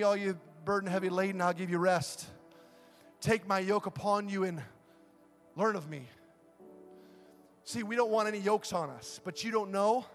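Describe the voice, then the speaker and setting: A man preaching a sermon, swinging between shouted passages and soft, quiet talk, recorded live in a large church. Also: sits high. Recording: live church sound with long reverb and music behind.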